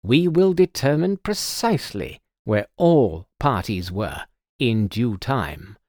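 A man voicing a silver-haired gentleman detective who speaks in a measured, authoritative and sly way. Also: mid-range voice, animated, no echo, clean studio sound. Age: older. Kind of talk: audiobook character voice.

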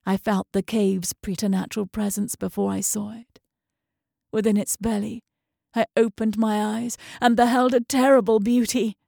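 A woman narrating a first-person horror story dramatically, at times dropping into hushed whispers. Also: medium pitch, level tone, normal speed, vocal fry, no room sound, studio quality.

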